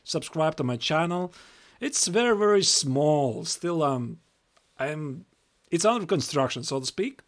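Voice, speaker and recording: A man's voice: on the high side, lively intonation, a little slow. A young Latvian man with a Latvian accent giving a chatty live-stream chess lesson, reading moves aloud and repeating himself.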